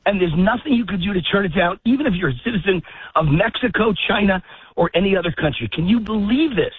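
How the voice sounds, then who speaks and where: A man's voice: sits high, lively intonation, slightly rough, dry recording. Breathless man ranting over a phone line. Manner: heated, emphatic, rapid-fire ranting. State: out of breath, walking a dog. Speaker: political commentator guest. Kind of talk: phone-in talk radio interview. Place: outdoors in a park, walking.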